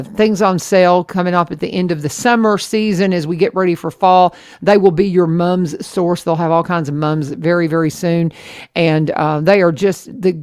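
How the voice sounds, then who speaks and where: A woman radio host, talking in a chatty, enthusiastic way with many restarts. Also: fairly low pitch. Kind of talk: casual radio chat.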